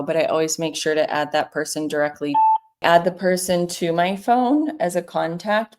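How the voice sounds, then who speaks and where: Chatty upbeat Californian woman. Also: fairly low pitch. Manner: upbeat, chatty, quick bursts of excitement. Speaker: real estate broker. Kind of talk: casual livestream chat while cold calling.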